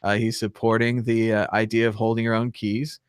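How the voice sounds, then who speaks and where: A man's voice: lowish voice, level tone, brisk, clear, resonant tone, no echo, clean studio sound. A man hosting a live call-in show, chatting casually, joking and laughing between rambling remarks. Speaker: show host.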